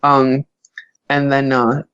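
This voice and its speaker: A man who is a guest on a podcast, an author and professor, telling stories in an animated way with many filler words. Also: mid-range voice, takes it slowly, smooth, dry recording, dull audio. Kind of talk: casual interview chat.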